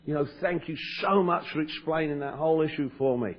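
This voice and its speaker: A man's voice: fairly high pitch, fairly quick, voice pushed up, close to an everyday voice. An Englishman with an English accent voicing a grateful man, gushing breathless, effusive thanks. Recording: lo-fi 1990s cassette tape.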